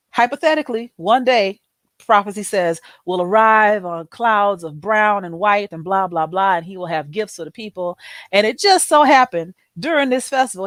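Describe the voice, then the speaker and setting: A woman's voice: medium pitch, dry recording. A woman hosting a show, telling a story in a casual chat style and acting out the people in it with changed voices. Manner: animated, acts out quoted people in changed voices. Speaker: host.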